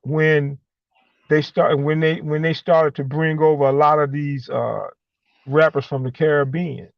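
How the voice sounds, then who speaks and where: A man calling in and speaking emphatically in a preachy way, halting with many fillers between points. The audio is a dull, lo-fi call line. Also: fairly high pitch, little pitch movement, vocal fry, no echo. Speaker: caller. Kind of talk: impassioned call-in monologue.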